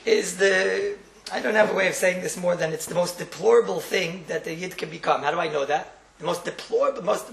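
A man's voice: high voice, creaky, noisy background. A man teaching a Torah class, emphatic, repeating key phrases and chuckling as he explains. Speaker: rabbi teaching a morning class. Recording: roomy echo.

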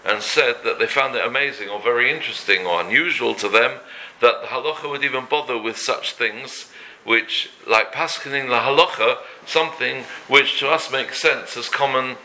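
Bright-voiced man teaching a daily class. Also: medium pitch, low-quality recording. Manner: halting, with many restarts, mixing in Hebrew terms.

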